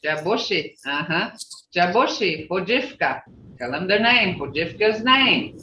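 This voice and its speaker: Speaking a little slowly in a fairly low, expressive, bright, and forceful voice, a woman teaches an online language class by video call. The sound is roomy, distant, and dull with some hiss or hum, and she coaches students patiently one at a time through each phrase.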